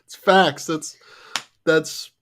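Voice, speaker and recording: A woman co-hosting a casual livestream chat, relaxed and dry in her replies. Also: low voice, drawn-out words, a little hiss or hum. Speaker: livestream co-host.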